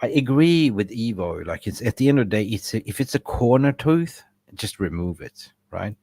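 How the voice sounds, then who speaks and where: A man hosting a casual fan chat over a call, telling animated stories and swearing freely. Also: on the low side, moderate pace, no room sound. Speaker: fan show host.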